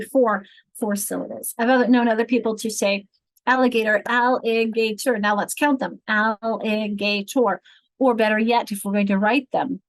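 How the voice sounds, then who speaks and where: A literacy trainer leads a teacher-training session on reading, explaining patiently, counting words aloud, and checking in with rhetorical questions. Her voice is on the high side, captured in a rough recording with no echo.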